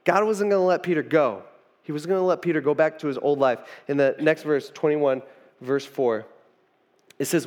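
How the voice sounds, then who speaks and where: A man's voice: a little high, normal speed, darkish tone, big-room sound. A man preaching a sermon in a loose, conversational way, full of informal asides and restarts. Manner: informal, rambling with frequent "you know" asides. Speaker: pastor.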